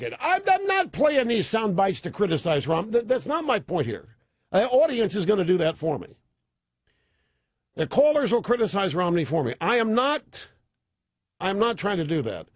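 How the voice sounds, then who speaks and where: Animated, sarcastic male radio host. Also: high voice, dry recording, clean studio sound. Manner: animated, sarcastic commentary with mocking asides. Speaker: radio talk show host. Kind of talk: opinionated radio monologue.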